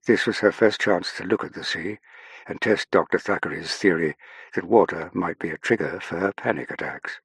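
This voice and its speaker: A man narrating an audiobook in a measured, even way. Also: low-pitched, slightly rough, no room sound. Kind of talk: scripted narration.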